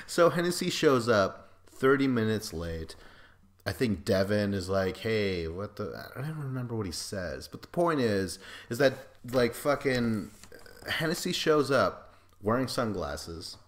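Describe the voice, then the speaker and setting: A young man with a somewhat low voice hosts a podcast in a loose, rambling monologue. He swears freely and slips into mocking impressions of the people he talks about. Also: big pitch swings, normal speed. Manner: profane, rambling, acts out quotes in mocking voices. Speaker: podcast host. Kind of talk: casual recap monologue.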